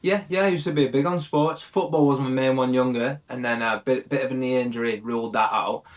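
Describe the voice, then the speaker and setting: A man's voice: mid-range voice, fairly even intonation, fairly quick. A man in his thirties, a firefighter from the UK, talking candidly and reflectively as a podcast guest, calling the host mate. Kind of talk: casual conversation.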